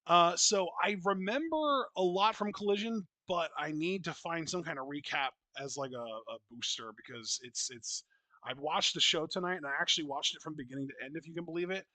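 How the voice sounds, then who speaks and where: A man with a fairly high, bright, sharp voice talks in a loose, unscripted podcast style. He is blunt, opinionated and freely profane, and he circles back with restarts as he thinks. The sound is close and dry, with no room around it. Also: brisk, no room sound. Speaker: wrestling podcast co-host. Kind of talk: casual podcast chat.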